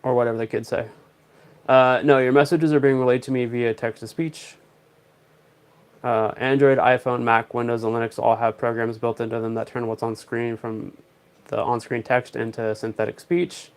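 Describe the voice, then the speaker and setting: A man's voice: medium pitch, flat delivery, moderate pace, clear, resonant tone. A young man, chatting on a casual livestream, rambling through stories with dry, joking asides. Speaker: live streamer.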